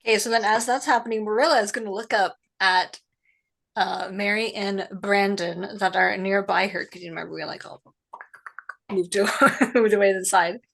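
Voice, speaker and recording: A woman's voice: medium pitch, fairly even intonation, normal speed, vocal fry, fairly bright tone. A woman playing a tabletop game, chatting casually and laughing. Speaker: player.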